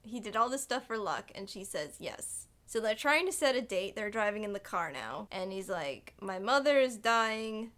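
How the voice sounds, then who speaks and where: A woman's voice: medium pitch, lively intonation, moderate pace, hardly any pauses, fairly bright tone. A young woman co-hosting a podcast, casually retelling a film's scenes and slipping into quoted lines. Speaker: podcast co-host. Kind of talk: casual film chat.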